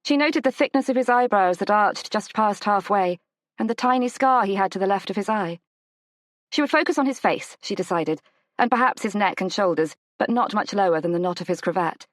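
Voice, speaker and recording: Gentle woman narrating a novel. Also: expressive, no echo. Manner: measured, gentle storytelling, lifts pitch for the heroine's lines. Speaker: audiobook narrator. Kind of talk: scripted narration of a romance novel.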